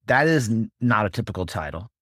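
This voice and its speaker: A man's voice: lowish voice, big pitch swings, fairly quick, fairly bright tone, no echo, clean studio sound. A man hosting an interview, conversational and telling a short story from his own teaching. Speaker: host. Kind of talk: interview hosting, casual anecdote.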